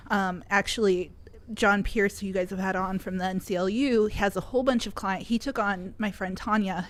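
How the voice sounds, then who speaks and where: A woman speaking as a guest on a podcast panel, earnest and heated, with filler words. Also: mid-range voice. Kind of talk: casual panel talk.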